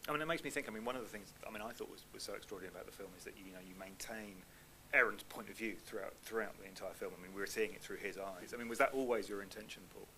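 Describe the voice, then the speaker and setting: A man hosting a live Q&A, articulate and chatty, rushing through long questions. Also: lowish voice, pushed and bright, a little hiss or hum, poor audio. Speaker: host. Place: live stage event.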